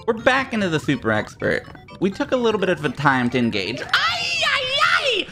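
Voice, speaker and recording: A man's voice: on the high side, huge pitch swings, fast, gravelly, music in the background. A young man giving casual, self-mocking commentary while playing a platform game, yelping and swearing at his failures. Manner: sarcastic, self-mocking, yelps at fails. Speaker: gaming streamer.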